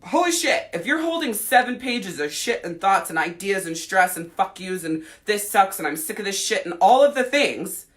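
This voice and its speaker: A woman's voice: mid-range voice, animated, moderate pace, few pauses. A woman life coach on a livestream, answering viewer comments, talking bluntly with heavy swearing. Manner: blunt and heavily profane, acting out quoted voices.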